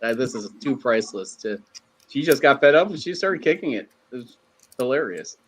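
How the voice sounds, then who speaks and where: Man, mid pitch, quiet, laid-back chat. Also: animated, moderate pace, slightly rough. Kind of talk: casual group chat.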